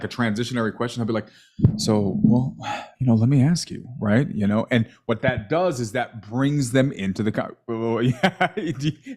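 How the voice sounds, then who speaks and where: A man coaching a sales rep, talking emphatically and checking in with "right?" all the time. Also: medium pitch. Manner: emphatic, animated, asks "right?" constantly. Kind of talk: coaching call review.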